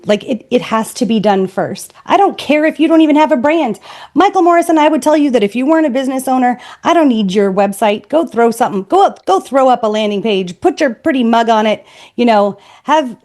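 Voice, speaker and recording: A woman's voice: a little high, darkish tone. A woman sales trainer speaking as a podcast guest, blunt and emphatic. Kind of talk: podcast interview.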